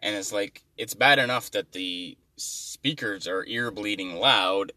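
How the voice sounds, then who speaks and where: Low-voiced male comic, exasperated rambling rant, dry off-mic sound. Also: a little slow, pushed and bright, no room sound, recorded from a distance.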